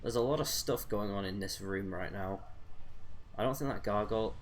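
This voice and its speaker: A man's voice: lowish voice, normal speed, slight background noise. A young man chatting casually in a rambling way, with many fillers, while commentating his own gameplay. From United Kingdom. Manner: rambling, chatty, with frequent fillers and self-corrections. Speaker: gaming streamer. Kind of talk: casual let's-play commentary.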